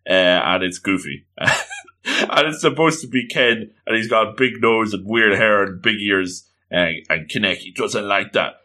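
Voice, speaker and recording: A man animatedly retelling a comic story in casual chat, full of exclamations. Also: on the low side. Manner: animated, exclamatory, voices the characters.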